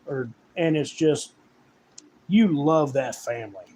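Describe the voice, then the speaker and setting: A man with a somewhat high voice rambles through a casual rant, swearing freely and jumping between thoughts. His talk is animated and loose. Faint noise hangs behind him. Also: measured pace, poor audio. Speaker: horror writer and reviewer.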